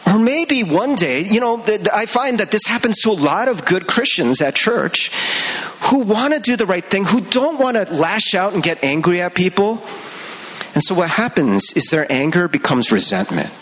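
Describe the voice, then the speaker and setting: A young male pastor giving a sermon in an animated, conversational way, laughing between points and talking straight to the congregation. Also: high voice, normal speed.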